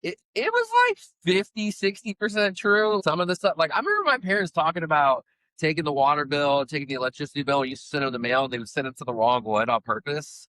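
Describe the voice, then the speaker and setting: A middle-aged man co-hosts a podcast, his voice a little high and expressive with a sharp tone and quick pace. He tells stories in rambling, casual chat packed with fillers. The recording is dry.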